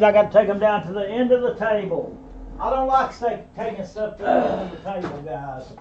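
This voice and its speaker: A man's voice: high-pitched, expressive, fairly quick, darkish tone, lo-fi sound, a little hiss or hum. A man with a Southern US accent running a live online auction, rambling in a folksy way and calling viewers by name. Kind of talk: live-stream auction patter.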